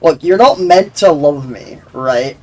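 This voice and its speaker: Sweary young streamer. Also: male voice, fairly high pitch, animated, slow, darkish tone. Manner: crude, sweary banter with chat; rambling, laughs often. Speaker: game streamer. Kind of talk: casual gaming stream chat. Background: faint game music.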